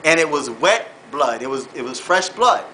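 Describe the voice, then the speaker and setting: A man vlogging, telling a personal dream earnestly and haltingly, repeating himself and moving into faith-based encouragement. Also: on the high side, very animated, sharp tone, a little hiss or hum, low-quality recording. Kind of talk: personal storytelling turning into faith-based exhortation.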